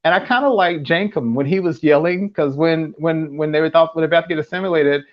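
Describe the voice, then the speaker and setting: Male podcast co-host, higher voice, eager and chatty, dull lo-fi audio. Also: fast talker. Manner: animated fan enthusiasm with laughs. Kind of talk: casual chat. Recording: dull lo-fi sound.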